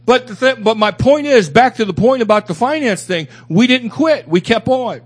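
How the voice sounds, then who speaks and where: Preaching to his congregation, a pastor speaks in a very high-pitched, expressive voice at a moderate pace. He emphatically repeats phrases and offers candid asides along the way.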